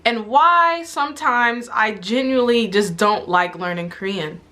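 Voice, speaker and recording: A young woman in her twenties talking casually to camera in a vlog, animated and exasperated, joking as she goes. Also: a little high, measured pace. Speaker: vlogger. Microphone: camera mic. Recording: faint music underneath.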